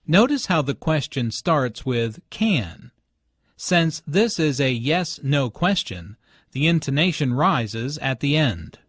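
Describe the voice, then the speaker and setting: A man narrating language notes as a teacher in slow, deliberate scripted instructional narration. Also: medium pitch, big pitch swings, husky, no echo, clean studio sound. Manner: slow, deliberate explanatory delivery.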